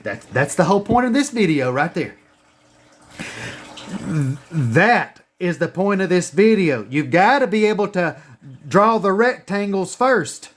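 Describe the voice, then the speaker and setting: A man teaching chart reading in a casual screen-share lesson. He is emphatic and profane, and he repeats his points. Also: sits high. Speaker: trading educator.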